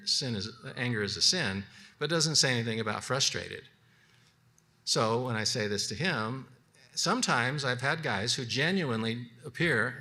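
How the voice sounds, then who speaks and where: Bright-toned man teaching biblical counseling. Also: medium pitch. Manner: conversational, acts out counseling dialogues; halting restarts and repeated words. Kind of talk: unscripted teaching session.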